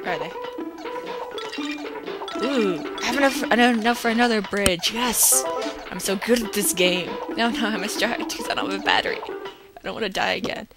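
A teenage girl giving casual let's-play commentary, talking to herself with excitable bursts of exclamations. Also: mid-range voice, normal speed, pauses often. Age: teens. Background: loud game music.

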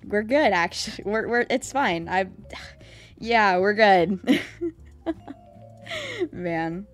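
A woman streamer chatting casually with her viewers live, excitable, swearing freely and laughing often, rambling and repeating herself. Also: medium pitch, very slow, soft background music.

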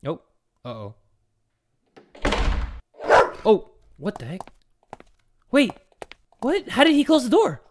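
A young man doing let's play commentary on a horror game, excitable, joking crudely and yelling at sudden scares. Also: high-pitched, a little slow, noisy background. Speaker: gaming YouTuber.

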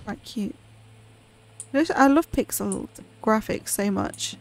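A woman's voice: mid-range voice, animated, slow, long pauses. Chatty woman playing a horror game. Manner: chatty, reacts aloud while playing. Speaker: gaming channel host. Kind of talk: casual let's-play commentary.

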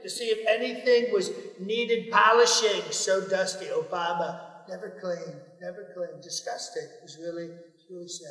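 An actor playing a boastful, petulant president hiding in a bunker, in a comedic impression that keeps repeating itself and whining. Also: male voice, sits high, fairly bright tone, heavy reverb, big-room sound, far from the mic, rough recording. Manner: boastful, repetitive, whiny.

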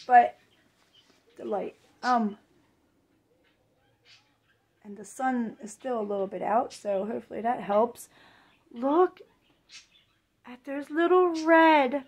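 Her high voice trembling with excitement, a reborn doll collector gushes breathlessly during an unboxing vlog. The audio sounds dull.

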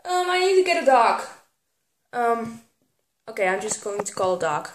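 A teenage girl, filming a casual vlog and getting excitable, squealing when something pleases her. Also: a little high, normal speed, a little hiss or hum. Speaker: vlogger. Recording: echoey room.

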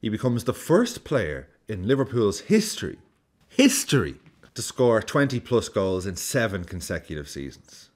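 Lively man in a football vlog. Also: fairly low pitch, moderate pace. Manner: animated, swears freely, acts out reactions. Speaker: football vlogger. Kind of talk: casual match commentary.

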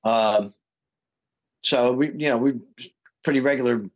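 A man's voice: mid-range voice, measured pace, highs cut off. A man, a guest singer, telling a story in casual podcast talk and acting out the quoted dialogue. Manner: animated, acts out quoted dialogue.

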